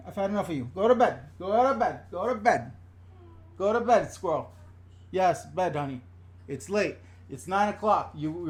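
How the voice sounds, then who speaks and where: A middle-aged man from the New York and New Jersey area, hosting a casual live-stream rant from a room in his home, blunt and chatty, swearing freely and reading viewer comments aloud. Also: high voice.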